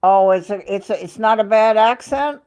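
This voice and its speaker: A woman's voice: mid-range voice, moderate pace, darkish tone, clean tone. An older woman hosting a casual live chat from home, rambling and dropping in bits of Spanish and French. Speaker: livestream host.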